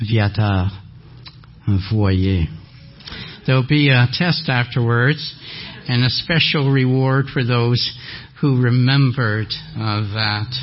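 An older man with a French Canadian accent, whose first language is French, preaching a sermon slowly and deliberately with gentle humor. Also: mid-range voice. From French-speaking Canada. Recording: dull lo-fi audio.

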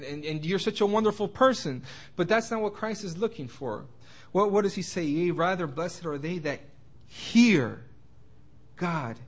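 Halting man preaching a Bible study. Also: high-pitched. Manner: halting, many restarts and repeated words; slows and rises to stress quoted scripture. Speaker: Bible teacher. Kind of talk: informal Bible study sermon.

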